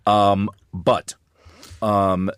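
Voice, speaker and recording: A very low-pitched man speaks as a news commentator on radio, weighing his points with a dry wit and scattered ums. The studio sound is close and dead, with no room around him. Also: little pitch movement, very slow, smooth, no room sound. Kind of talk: radio current-affairs discussion.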